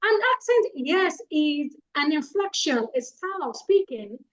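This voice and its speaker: A woman's voice: high-pitched, animated, measured pace, rough recording. A woman with a Nigerian accent giving public speaking advice, emphatic and repeating points for effect. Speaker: guest speaker.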